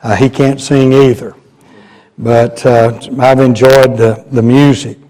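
Slow folksy older preacher. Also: male voice, mid-range voice, little pitch movement, warm tone, poor audio. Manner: slow folksy storytelling, chuckling. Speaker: guest preacher. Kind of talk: sermon. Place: church sanctuary.

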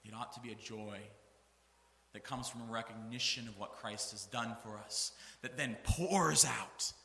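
Bright-voiced man preaching in echoey hall. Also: mid-range voice, measured pace, gravelly, a little hiss or hum. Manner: earnest preaching, reads scripture aloud with rising emphasis. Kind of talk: sermon.

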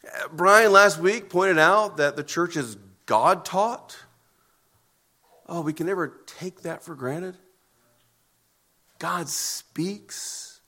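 High, forceful preacher man. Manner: earnest, emphatic preaching with deliberate pauses. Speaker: pastor. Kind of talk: sermon.

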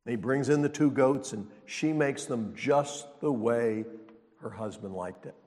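A man's voice: mid-range voice, a little slow, a little mellow. A man preaching a sermon as pastor, teaching in a conversational way and asking the congregation rhetorical questions. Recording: long reverb of a large hall.

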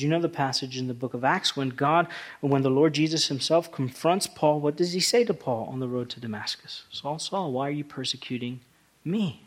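A male pastor preaching a sermon, talking through scripture in a conversational way that rises to emphatic passages. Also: medium pitch.

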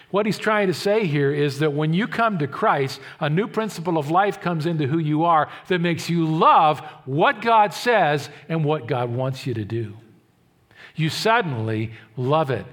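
A man pastor preaching a sermon, emphatic, repeating key phrases slowly and asking the congregation questions. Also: sits high, a bit bright.

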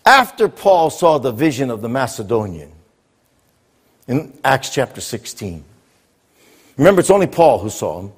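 A man's voice: mid-range voice, sing-song, normal speed, long pauses, breathy edge. A man preaching a sermon to a congregation, drawing call-and-response answers from the room. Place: church with congregation. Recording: echoey hall.

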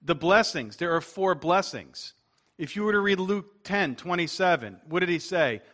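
Earnest preaching man, slightly high voice. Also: lively intonation, pushed and bright. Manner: earnest preaching, slows down and rises to stress key points. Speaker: pastor. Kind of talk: sermon.

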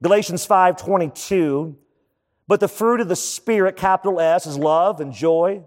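A man's voice: high voice, moderate pace, a little mellow, long reverb tail. A man preaching a sermon as pastor, emphatic and repeating key phrases for effect.

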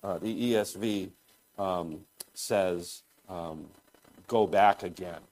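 Male pastor, sermon delivery, low-ish voice, slow and deliberate with restarts. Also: darkish tone. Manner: deliberate, thoughtful, often pauses and restarts.

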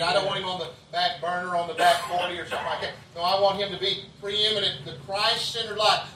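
A man's voice: sits high, sharp tone, reverberant, recorded from a distance, a little hiss or hum, rough recording. A man preaching a revival sermon in a folksy, repetitive way, leading the crowd to say lines back to him. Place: revival tent.

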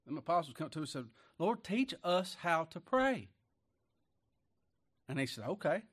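This preacher has a fairly high, sing-song voice. Delivering his sermon, he gives scripture a slow, weighty reading, alternates booming emphasis with hushed asides, and laughs softly again and again.

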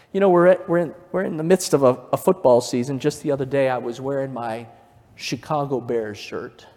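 Man preaching in a big echoey church, kinda high voice, gets fired up. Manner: building from quiet to fervent emphasis, storytelling. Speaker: pastor. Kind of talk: sermon. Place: church sanctuary. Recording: long reverb of a church hall.

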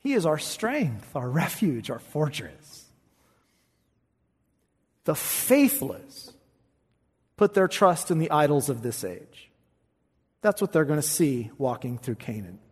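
A man preaching a sermon, reading scripture with emphasis and rising high on the quoted verses. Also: very animated, moderate pace, breathy edge. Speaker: pastor. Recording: long reverb of a large hall.

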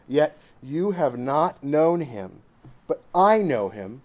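A man preaching to a church assembly, reading scripture and then commenting on it emphatically, swinging between loud stresses and hushed asides. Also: on the high side, very animated, slow pace.

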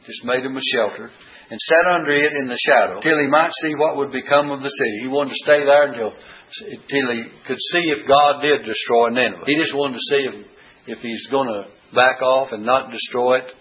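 Folksy preacher with a husky voice. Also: male voice, mid-range voice, normal speed, a bit bright. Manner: folksy storytelling with frequent uh fillers. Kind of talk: sermon. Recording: dull lo-fi recording.

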